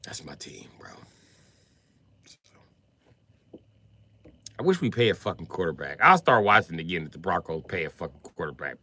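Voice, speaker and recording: Deep-voiced, forceful male streamer ranting. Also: moderate pace, long pauses. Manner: profane, animated ranting with sudden loud outbursts. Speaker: live streamer. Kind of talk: casual live-stream chat.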